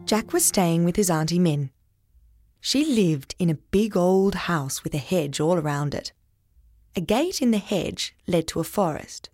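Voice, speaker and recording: A woman slowly reading a children's story aloud in a clear, expressive way. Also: lowish voice, soft background music. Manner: slow, expressive. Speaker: narrator.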